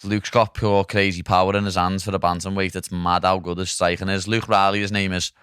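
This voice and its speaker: A young Liverpool man hosts a podcast in a blunt, sweary, joking way. His low voice comes across smooth and clear, recorded close and dry with no room sound. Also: flat delivery, brisk, fairly bright tone, dry recording. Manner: blunt, sweary, laughing banter. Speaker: podcast host. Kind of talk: casual banter.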